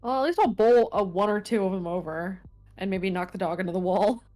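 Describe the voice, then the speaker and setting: A woman playing a tabletop game, talking casually and planning her moves out loud. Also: mid-range voice, brisk. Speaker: player. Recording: faint music behind.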